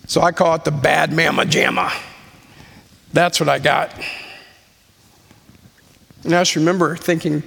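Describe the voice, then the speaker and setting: Man, 40s, earnest testimony speaker, measured pauses, fry in the voice. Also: on the high side, fairly even intonation, pushed and bright. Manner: earnest, slow storytelling with pauses. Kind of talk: sermon-style personal testimony. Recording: long hall reverb.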